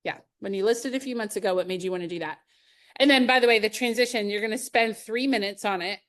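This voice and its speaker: A woman's voice: medium pitch, quick pace. A middle-aged woman leading a live sales training webinar, upbeat and conversational, with personal anecdotes and light laughs.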